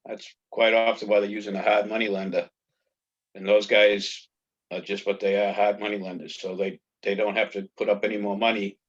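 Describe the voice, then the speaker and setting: A man's voice: lowish voice, flat delivery, fairly quick, breathy edge. A man on a training call, explaining things in a matter-of-fact way from his own experience. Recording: dull, lo-fi call audio.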